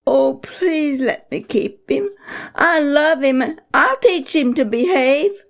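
A woman's voice: sits high, expressive, takes it slowly, pitched above the performer's own voice, full character voice. A woman doing an eager pleading little boy. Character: young boy begging to keep puppy. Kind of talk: storybook reading.

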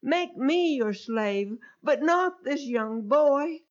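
A woman's voice: high-pitched, animated, slow pace, voice pushed up. A woman reading the words of Judah, a desperate man begging for his younger brother, on a dull lo-fi recording.

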